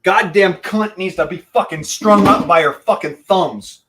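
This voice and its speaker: A man's voice: high voice, unhurried, fairly bright tone, slight background noise. A man, delivering a heated, profanity-filled rant to camera while cooking. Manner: heated, swearing constantly. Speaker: vlogger.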